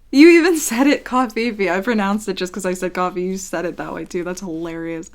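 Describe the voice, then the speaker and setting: A young woman talks straight into a close mic as she reads fan letters aloud. Her voice sits at an average pitch for a woman, and her delivery is chatty and affectionate. She slips into soft whispers from time to time. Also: fast talker. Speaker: ASMR channel host reading fan mail. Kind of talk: casual vlog chat, reading letters aloud.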